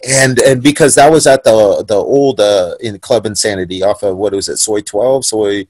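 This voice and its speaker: A young man from San Diego, a podcast guest and fighter, telling a story in a casual, profane, animated way and acting out the voices of the people in it. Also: on the low side, moderate pace, dry recording.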